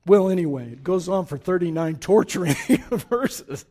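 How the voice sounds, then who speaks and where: A man preaching a sermon as pastor, reading scripture dramatically, swinging from loud declaiming to hushed tones. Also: sits high, lively intonation, moderate pace.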